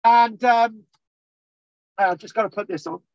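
A man's voice: very high-pitched, fairly even intonation, measured pace, darkish tone, no echo, muffled recording. A man giving a casual online lecture, exasperated and bantering, swearing often.

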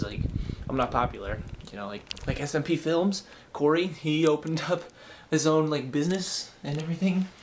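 A man's voice: medium pitch, slight background noise. A young man chatting casually in a rambling, self-mocking way as he vlogs his day at home on a handheld camera. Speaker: vlogger. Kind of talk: casual daily vlog. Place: indoors at home.

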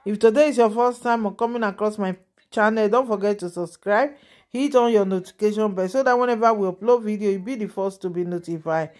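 A woman with a Nigerian Pidgin accent hosting a gossip channel, rambling and animated, often asking her listeners if they understand. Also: medium pitch, fairly quick. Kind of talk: casual gossip commentary.

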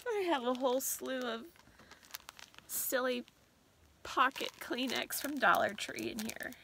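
A woman vlogger chatting casually, gushing and sentimental as she talks, sometimes reading aloud haltingly. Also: high voice, creaky, bright, forceful tone, slight background noise. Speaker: vlogger host. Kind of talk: casual vlog chat.

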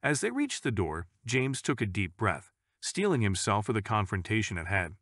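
A male narrator reading a scripted story, measured and even in manner. His voice is low but moves through a lively range of pitch, and the recording is dry and close with no room sound. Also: no echo.

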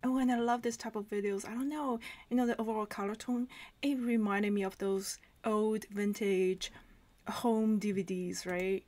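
A woman in her thirties hosting a reaction video, chatting casually and gushing excitedly as she laughs. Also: mid-range voice, moderate pace. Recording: noisy home recording with clicks.

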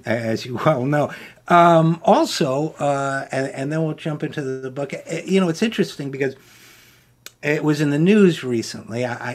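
Halting man hosting an interview. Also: medium pitch. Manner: halting, full of fillers and restarts. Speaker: podcast host. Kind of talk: interview conversation.

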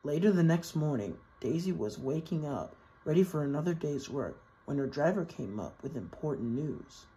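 A narrator reading a fan-made storybook tale in a measured, steady way. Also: mid-range voice, rough recording.

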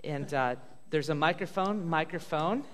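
Pastor, male, high-pitched, jokey interviewer with lots of fillers; reverberant church hall. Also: fairly bright tone. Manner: upbeat, joking, halting with fillers. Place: church sanctuary.

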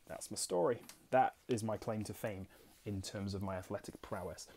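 A man's voice: on the low side, normal speed, darkish tone. A young Englishman hosting a board game channel, reading rules aloud and chatting casually about his solo play in a self-deprecating way. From England. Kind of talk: casual solo gameplay commentary.

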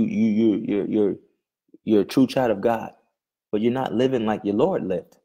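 Husky, fervent male preacher. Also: on the low side, moderate pace, dark tone. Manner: fervent, repeats questions, stumbles and restarts words. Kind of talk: sermon.

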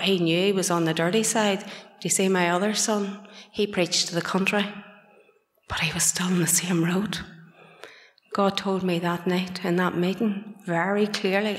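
A middle-aged woman with a Northern Irish accent giving a fervent church testimony, at times dropping to a hushed whisper. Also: on the low side. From Northern Ireland. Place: fellowship meeting hall. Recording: echoey hall with long reverb.

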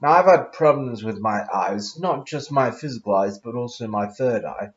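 A man's voice: medium pitch, lively intonation, moderate pace. Man, put-on posh accent, rambling solo talk, reads verses aloud, hums between lines, muffled lo-fi sound. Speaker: vlogger. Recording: dull lo-fi recording.

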